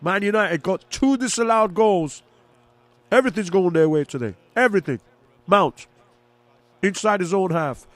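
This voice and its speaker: A man giving casual live football commentary and reaction as a fan, chatty and excitable, rooting for one side. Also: high-pitched, moderate pace, long pauses, dry recording.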